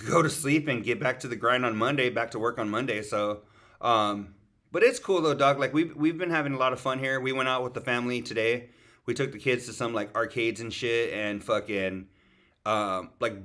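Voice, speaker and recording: A man's voice: mid-range voice, a bit bright. A man co-hosting a podcast in casual chat, talking slangy and swearing often, calling people "dog" while he streams from a family road trip. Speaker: podcast co-host. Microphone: streaming setup.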